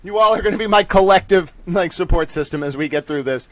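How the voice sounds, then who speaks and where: A high-pitched man hosts his livestream in a rapid, excitable rant, sometimes breaking into yells. His voice sits close and dry on the mic. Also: no room sound. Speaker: livestream host.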